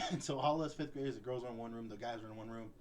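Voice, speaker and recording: A man's voice: medium pitch, very fast, slight background noise. A young adult man co-hosting a podcast, telling rambling stories with lots of fillers and frequent laughter. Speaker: podcast co-host. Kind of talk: casual chat.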